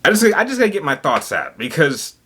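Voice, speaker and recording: A man's voice: fairly high pitch, wildly swooping pitch, a little fast, sharp tone, husky. A man hosting a gaming vlog, talking casually in an agitated, emphatic rant, stumbling and repeating words as he goes. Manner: rambling, repeats words and restarts often. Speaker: gaming YouTuber.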